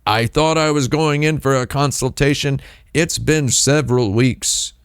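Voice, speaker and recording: A man hosting a live stream, talking in a rambling, deadpan comedic monologue and playing with made-up words. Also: a little slow, smooth, no room sound, studio quality. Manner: deadpan, playful with invented words, lively pitch swings. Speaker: streamer host.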